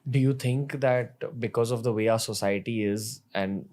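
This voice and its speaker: A man's voice: medium pitch, moderate pace, a little mellow. A man hosting an interview and asking curious, conversational questions. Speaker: podcast host. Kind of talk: interviewing a guest.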